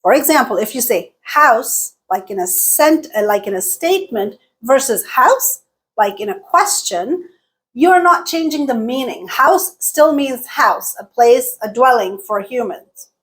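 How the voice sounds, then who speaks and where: A woman teaching a lesson, speaking clearly and deliberately and exaggerating pitch in her example sentences. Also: expressive. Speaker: English teacher. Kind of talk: explanatory lesson with spoken examples.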